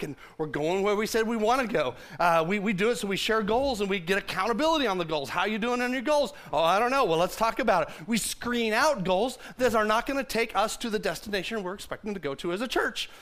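A pastor in his fifties preaching a sermon in a conversational, joking way, dropping to a hush and rising to loud bursts. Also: high-pitched. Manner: conversational and jokey, shifting from hushed to loud.

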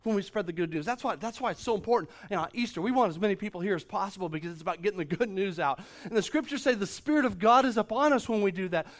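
A middle-aged man preaching a sermon as a pastor, emphatic and repeating phrases as his excitement builds. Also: high-pitched.

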